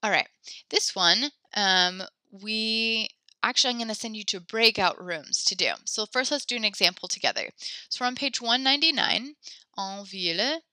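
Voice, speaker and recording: A young woman teaching French in an online class speaks in a bright, clear voice. She sounds friendly and encouraging, chatting through instructions with plenty of fillers. Her computer mic gives a close, dry sound. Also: medium pitch, lively intonation, moderate pace, no room sound. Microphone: computer mic in a video class.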